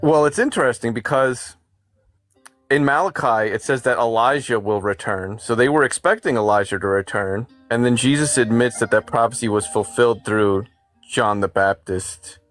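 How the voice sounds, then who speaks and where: A man's voice: medium pitch, normal speed, a bit bright, soft background music. A man on a live stream explaining his religious beliefs in a musing, casual way.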